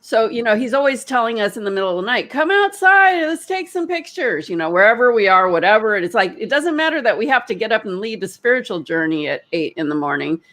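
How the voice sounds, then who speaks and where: A woman, a retreat leader, telling a story in casual chat with animated, laughing delivery. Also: quick pace, few pauses. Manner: animated, laughing, quoting others in high voices. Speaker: energy healer and retreat leader.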